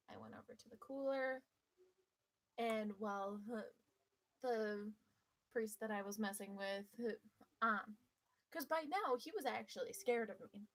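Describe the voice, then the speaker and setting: A woman telling a personal story to her viewers in a lively, playful, mischievous way. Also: on the high side, measured pace, long pauses, rough recording. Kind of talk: casual storytelling.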